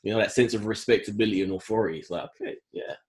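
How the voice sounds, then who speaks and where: A man co-hosting a podcast in casual chat, eager and quick to chime in. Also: fairly low pitch, steady tone. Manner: eager, chimes in with short agreements. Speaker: podcast co-host.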